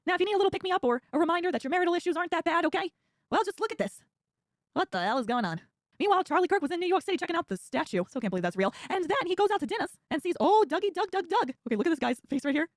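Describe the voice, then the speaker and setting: A woman's voice: extremely high pitch, big pitch swings, rapid-fire, dry recording, studio quality. A woman in her twenties hosting a satirical news recap, tossing off sassy, mocking asides. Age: 20s. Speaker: comedy commentary host.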